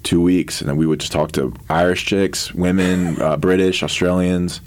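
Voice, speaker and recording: A man's voice: deep voice, fairly even intonation, moderate pace. A man co-hosting a casual dating talk show, blunt and joking, pushing the guest to get to the point. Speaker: podcast co-host. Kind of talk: casual chat.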